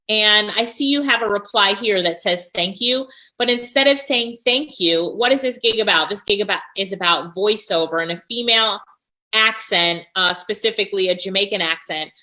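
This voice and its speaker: A woman's voice: on the high side, expressive, normal speed, pushed and bright, rough recording. A woman hosting a live stream, coaching freelancers and reading out viewer comments in an upbeat, encouraging way.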